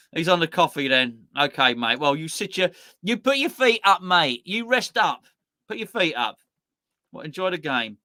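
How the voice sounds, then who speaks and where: A man hosting a live stream, rambling chattily and reading out viewers' messages, swinging between excited highs and low muttered asides. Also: no echo, clean studio sound. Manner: rambling, chatty, talking to himself while reading out the chat. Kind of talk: casual live-stream chat.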